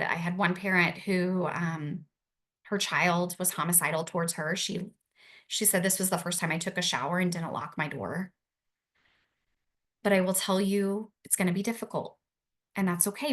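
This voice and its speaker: A young adult woman talks to worried parents in an earnest, reassuring way. Her voice sits on the low side. She leans on repeated phrases to drive each point home. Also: a bit bright. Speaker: family support speaker for parents. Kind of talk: talk to parents.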